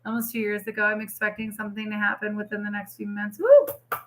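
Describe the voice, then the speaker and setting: A woman giving a casual livestream tarot reading, animated and exclamatory, swearing freely. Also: mid-range voice, fast. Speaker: tarot reader.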